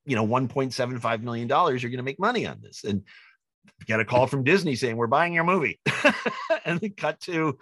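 A man, a film director being interviewed, telling lively anecdotes and acting out the people he quotes. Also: mid-range voice, a little fast, slightly rough, dry recording. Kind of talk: animated storytelling in an interview.

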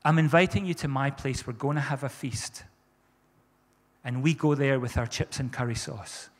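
A man's voice: mid-range voice, normal speed, in a large hall. A man preaching a sermon as pastor, fervent and repeating his phrases for emphasis.

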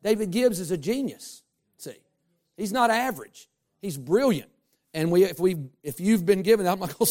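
Male pastor, high-pitched, lively humorous sermon delivery. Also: normal speed. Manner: animated, humorous preaching with rising emphasis and asides to the congregation.

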